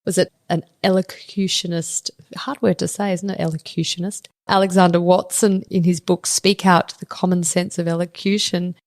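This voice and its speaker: A woman's voice: on the low side, little pitch movement, normal speed, hardly any pauses, a little mellow, dry recording. An Australian woman hosts an interview, posing curious questions and chuckling now and then. Her voice is recorded close and dry, with no room sound around it. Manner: inquisitive, chuckles while asking. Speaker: interview host.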